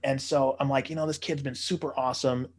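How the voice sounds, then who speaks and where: Animated man telling a story. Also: mid-range voice, fairly quick. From United States. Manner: animated, swears freely, acts out voices in quotes. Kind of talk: casual anecdote telling.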